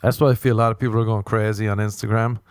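An Irish man giving a crude, rambling comedic monologue with animated asides. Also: on the low side, very fast, dry recording, clean studio sound. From Ireland.

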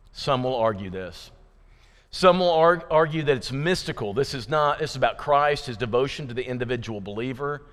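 A man with a mid-range voice delivers a sermon to his congregation in a relaxed, folksy way, and he slips in jokes as he goes. The sound has the long, ringing reverb of a church sanctuary. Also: mid-range voice. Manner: folksy, joking, conversational. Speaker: preacher.

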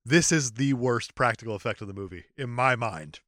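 A man co-hosting a podcast, chatting casually about a movie, animated and joking, laughing often. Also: medium pitch, brisk, dry recording, studio quality. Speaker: podcast co-host. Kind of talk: casual movie-review chat.

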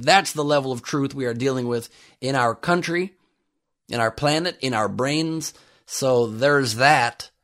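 A man hosting his own comedy podcast, talking at an average pitch. He riffs sarcastically on the week's news and pitches his extras in a loose, joking way. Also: a bit bright. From United States. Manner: sarcastic, jokey riffing on the news. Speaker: podcast host.

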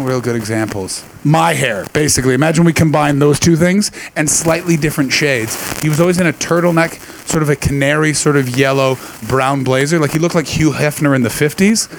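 A man's voice: fairly high pitch, normal speed, slight background noise, rough recording. A man doing a stand-up set before a live audience, telling profane rambling stories and teasing the crowd. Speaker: stand-up comedian.

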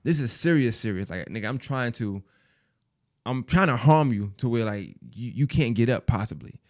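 A man with a medium-pitched voice, speaking at a moderate pace, tells a personal story in casual, profane language. He's animated and acts out other people's lines in their voices as he goes.

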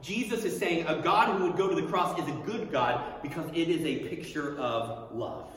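A male pastor preaching a sermon who acts out the quoted voices with lively swings. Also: a little high, slight background noise. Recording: very echoey hall, mic far off.

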